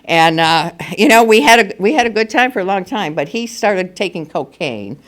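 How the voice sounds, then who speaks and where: A woman's voice: mid-range voice, sing-song, normal speed, a bit bright. An older woman speaking at a recovery meeting, telling her personal story candidly and with humor. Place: meeting room at a school.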